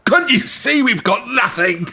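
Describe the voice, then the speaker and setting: A man's voice: very high voice, lively intonation, a little slow, vocal fry, bright, forceful tone, slight background noise, voice pushed up, exaggerated voice. A man voicing a weathered old peasant who calls out in bitter desperation. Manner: pleading, bitter.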